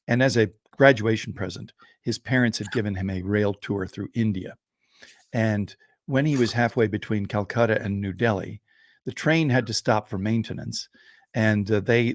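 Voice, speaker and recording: A man who is a podcast co-host and storyteller, telling a joke in a lively, chuckling way. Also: on the low side, creaky, no echo, clean studio sound.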